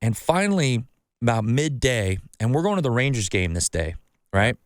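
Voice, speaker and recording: This man's medium-pitched voice has a sing-song lilt and a moderate pace as he hosts a laid-back podcast. He curses freely while telling a meandering story and acting out his own lines, all in clean, echo-free studio audio.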